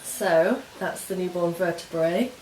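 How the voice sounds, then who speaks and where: This knitting podcast host speaks at a measured pace in a low, slightly mellow voice. She chats informally, meandering as she explains her projects one step at a time, show-and-tell style. Faint hiss and a roomy echo color the recording.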